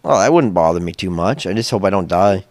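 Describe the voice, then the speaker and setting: A man's voice: low-pitched, animated, fast talker, darkish tone. A man co-hosting a casual podcast, rambling through stories with lots of "like" and frequent swearing. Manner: rambling, fills speech with "like"; swears freely. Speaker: podcast co-host.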